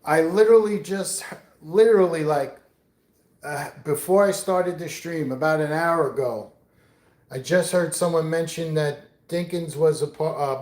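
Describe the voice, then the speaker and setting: A middle-aged New Yorker with a mixed New York accent hosts a livestream outdoors on a windy day, chatting casually and rambling as he answers viewers. His voice is a little high and a little mellow, with a roomy sound.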